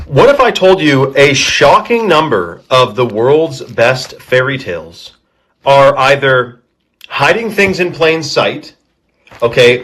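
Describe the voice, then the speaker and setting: A man giving an excited, emphatic monologue in a conspiracy video. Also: mid-range voice, husky.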